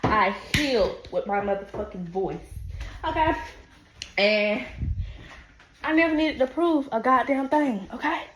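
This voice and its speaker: A brash woman who talks in a loud, sassy, profane stream. Her voice sits a little high, and she hammers each point home with emphatic repeats. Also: lively intonation, unhurried, pauses often, a little hiss or hum. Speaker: podcast host. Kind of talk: unscripted motivational monologue.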